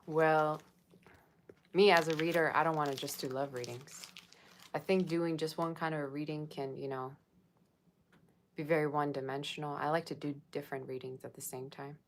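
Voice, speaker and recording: A woman's voice: sits low, fairly even intonation, moderate pace. A woman tarot reader chatting casually on a livestream, reading viewer comments aloud and answering them. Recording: faint background noise.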